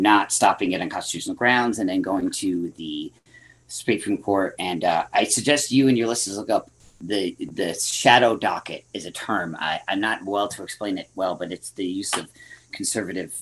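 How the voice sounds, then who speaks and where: A man's voice: low voice, normal speed, fairly bright tone, a little hiss or hum, poor audio. A man with a Western New York accent, a podcast guest giving blunt opinions with many restarts. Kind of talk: casual podcast discussion.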